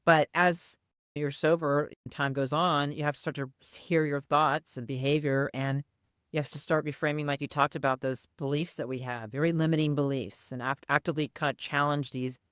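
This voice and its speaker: A woman co-hosts a podcast in casual chat, speaking earnestly, reflectively and candidly. Her deep, resonant voice is clear and fairly bright, with fairly even intonation at a moderate pace, recorded at studio quality with no room sound.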